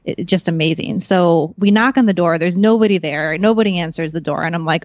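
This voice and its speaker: A woman's voice: lowish voice, brisk, hardly any pauses, no echo. Chatty rambling woman, dry muffled sound. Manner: rambling, self-described awkward, many fillers. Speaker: podcast guest, magazine staffer. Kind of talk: casual chat.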